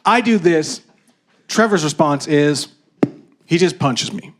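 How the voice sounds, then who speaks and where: Man, 30s, from Canada, stand-up comedian, animated storytelling, slightly high pitch, handheld mic on stage. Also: slow pace. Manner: animated storytelling, jumps into loud acted-out voices.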